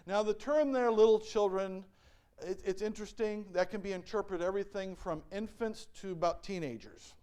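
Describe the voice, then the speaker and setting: A man's voice: sits high, normal speed, darkish tone. A male pastor preaching a sermon and reading scripture aloud. He often asks the congregation questions and acts out the voices he quotes. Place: church.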